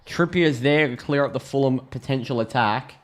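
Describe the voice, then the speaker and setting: An Australian man streams a live football reaction, talking in a chatty, excitable way and thinking out loud. His voice sits in an ordinary middle pitch, and he often restarts his sentences. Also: normal speed.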